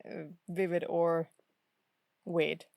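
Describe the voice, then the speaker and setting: A woman's voice: fairly low pitch, flat delivery, drawn-out words, creaky, darkish tone, no room sound. Dry-voiced woman player, sardonic. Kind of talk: tabletop role-play.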